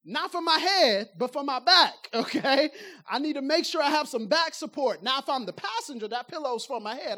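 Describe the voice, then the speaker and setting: High-voiced woman preaching a lively sermon. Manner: lively, conversational, rhetorical questions to the audience; acts out everyday speech to make points.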